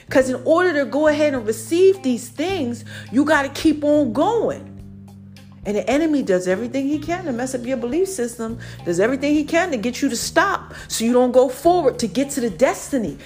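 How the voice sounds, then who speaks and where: A woman hosting her podcast from home, giving a preachy, slangy motivational faith talk with a stuffy nose and drawn-out emphasis. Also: high voice, expressive, darkish tone, faint music behind. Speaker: podcast host. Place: at home, new house.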